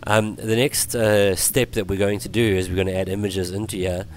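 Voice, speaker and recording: A man explaining web page coding in a screen-recorded tutorial, his voice worn from illness, halting with many ums and restarts. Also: on the low side, little pitch movement. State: voice going from illness. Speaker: tutorial presenter.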